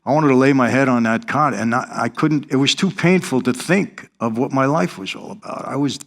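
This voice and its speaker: A man's voice: mid-range voice, a little fast. A middle-aged man, telling his life story in earnest, confessional style as an interview guest. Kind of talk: interview testimony.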